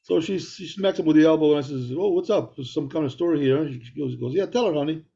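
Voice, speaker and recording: Gravelly, dark-voiced middle-aged man. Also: on the high side, quick pace, muffled recording. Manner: rambling anecdotal storyteller. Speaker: podcast co-host. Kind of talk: casual chat.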